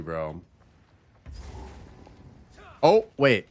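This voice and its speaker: A man's voice: mid-range voice, very animated, normal speed. Laid-back man chatting on stream. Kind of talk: casual gaming stream chat.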